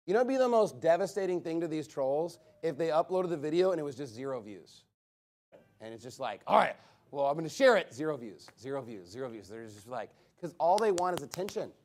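High-voiced man preaching a sermon. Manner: animated, mocking mimicry of quarrels, emphatic repetition.

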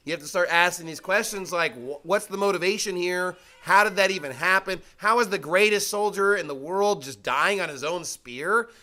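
A man's voice: high-pitched, moderate pace, few pauses, pushed and bright. A man teaching the Bible in a casual, conversational way, full of rhetorical questions and emphatic repetition. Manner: emphatic, repeats his points.

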